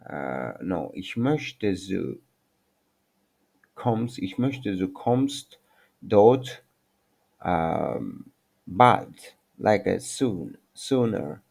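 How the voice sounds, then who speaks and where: Male tutor, low voice, unhurried and self-correcting, casual lesson. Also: vocal fry, darkish tone. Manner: halting, self-correcting, apologetic non-native English. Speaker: language teacher. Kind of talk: informal screen-share language lesson.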